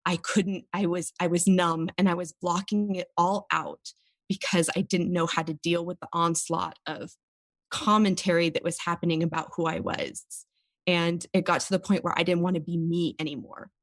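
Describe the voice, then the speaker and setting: A woman's voice: on the low side, little pitch movement, normal speed, no echo. A woman, an interview guest talking openly and earnestly about personal experiences. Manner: earnest and open, tearful at times. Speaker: podcast guest. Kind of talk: candid interview talk.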